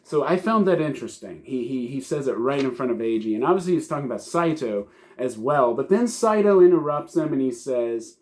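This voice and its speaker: Man, mellow, easygoing rambling review, filler words, mid pitch. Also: lively intonation, a little fast, hardly any pauses. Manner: rambling, many fillers and restarts. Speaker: manga reviewer. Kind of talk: casual commentary.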